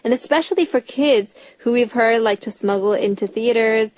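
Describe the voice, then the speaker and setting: A woman from Korea co-hosts a relaxed talk show, reading her notes aloud in a chatty way with little pauses and fillers. Her voice sits a bit high, and the sound is close and dry. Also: dry recording. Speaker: radio show co-host. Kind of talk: casual chat reading out facts.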